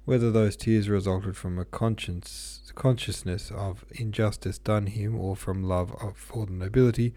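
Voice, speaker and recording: A man's voice: lowish voice, fairly even intonation, measured pace, few pauses, warm tone, no room sound. A man reading a classic novel aloud, unpolished, with small slips and asides. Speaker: audiobook reader.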